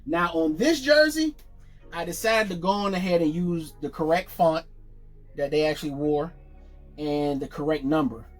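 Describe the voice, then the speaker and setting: A man presenting his jersey collection in a casual vlog, chatty and excited, correcting himself as he goes. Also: on the high side, normal speed, faint music behind. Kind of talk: casual show-and-tell vlog.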